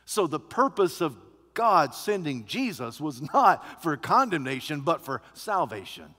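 Bright-voiced preacher man in a reverberant hall. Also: a little high, very animated, unhurried. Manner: builds from quiet teaching to loud emphatic preaching. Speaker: pastor. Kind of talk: sermon.

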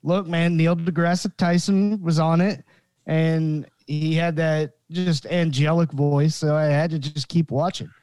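A man with a somewhat high voice talks slowly in a laid-back, goofy way. The sound is dry and close-miked. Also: fairly even intonation, darkish tone, smooth, dry recording. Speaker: podcast co-host. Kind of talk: casual podcast chat.

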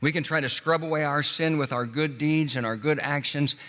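A man preaching a sermon in an earnest way, slowing down and dropping his voice on key words. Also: steady tone, a bit bright. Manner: earnest, slows and drops low on key words. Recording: long hall reverb.

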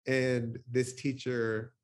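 A man's voice: medium pitch, little pitch movement, extremely slow. A man telling a personal story as a poet guest over a video call. He talks casually, with plenty of fillers, swears now and then, and laughs often. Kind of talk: reflective conversational storytelling.

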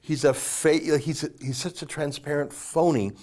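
A man's voice: a little high, steady tone, moderate pace, a little mellow. Scornful male political commentator. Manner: emphatic and scornful, with restarts. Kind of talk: opinionated political talk.

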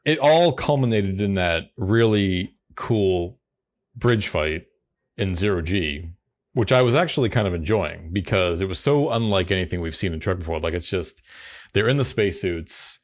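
A man's voice: sits low, lively intonation, moderate pace. A man co-hosting a podcast, chatting casually and rambling with frequent restarts. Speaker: podcast co-host. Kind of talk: casual chat.

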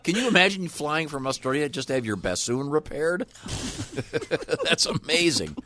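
A man's voice: a little high, expressive, moderate pace, sharp tone, a little hiss or hum. A man co-hosting a radio show, bantering casually and enthusiastically, chuckling as he talks. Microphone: studio microphone.

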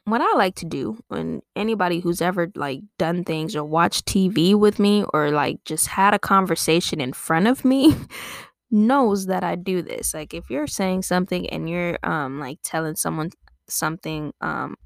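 A woman's voice: lowish voice, normal speed, vocal fry, dry recording, studio quality. A woman podcast host riffing casually in a profane, rambling, playful comedic style.

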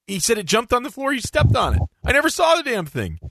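A man hosting a podcast, telling a story in casual chat, animated and laughing, with lots of restarts. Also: extremely high pitch, fast talker, gravelly, no echo, clean studio sound.

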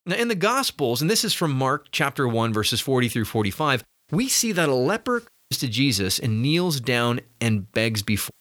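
Earnest male preacher, lively pitch. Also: normal speed, hardly any pauses, no echo. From North America. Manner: earnest, conversational, with restarts and rising emphasis. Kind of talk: sermon-style podcast reflection.

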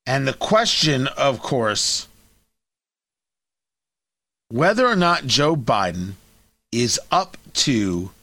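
A man's voice: medium pitch, very animated, extremely slow, pauses often, pushed and bright, dry recording. A man hosting a talk radio show, delivering sarcastic, mocking opinion commentary.

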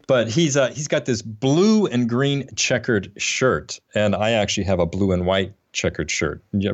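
A man's voice: fairly low pitch, dull audio. A man hosting a casual podcast, rambling and self-deprecating, with lots of fillers and restarts. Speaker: podcast host. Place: Atlanta area.

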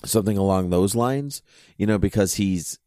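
A man with a very low, deep voice co-hosting a podcast in a loose, casual chat. He rambles through his thoughts and fills his sentences with "you know". The sound is dry and close, with no room echo. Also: normal speed, warm tone, clear, resonant tone. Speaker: podcast co-host.

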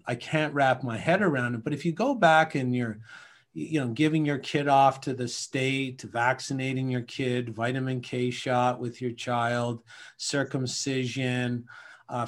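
A man's voice: medium pitch, steady tone, measured pace. A man from Canada talking in a casual podcast conversation, emphatic and rambling, often acting out little scenes.

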